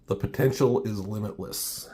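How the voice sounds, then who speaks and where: A calm male android officer who answers in flat, literal statements, read by a man close to his own voice. Matter-of-fact and unhurried, with no flourish. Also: lowish voice, lightly acted.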